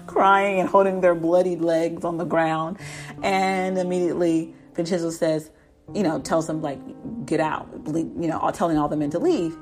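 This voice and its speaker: A woman with a fairly low voice chats her way through a drama recap. She laughs often and slips into the characters' lines. Faint music plays underneath. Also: fairly even intonation, normal speed. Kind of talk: casual episode recap.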